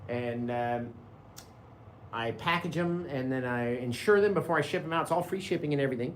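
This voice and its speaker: A man's voice: mid-range voice, fairly quick, echoey room, a little hiss or hum. A man hosting a live painting show, chatting casually with viewers, reading their comments aloud and laughing often.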